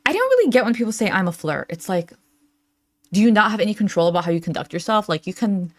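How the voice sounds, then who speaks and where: A woman's voice: mid-range voice, sing-song, fast talker, no echo. Chatty woman in a dry room. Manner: chatty, lots of fillers, laughs often. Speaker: reaction channel host. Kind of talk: casual commentary reading chat messages.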